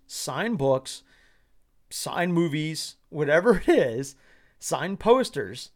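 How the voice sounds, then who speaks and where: A man hosting a solo podcast, giving rambling commentary in an animated way and laughing often. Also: fairly high pitch. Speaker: podcast host.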